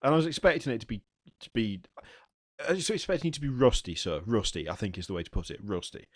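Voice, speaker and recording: A man's voice: on the low side, sing-song, fast talker, dry recording, studio quality. A young man co-hosting a gaming podcast, playful and teasing as he chats. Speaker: podcast co-host. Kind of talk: casual gaming chat.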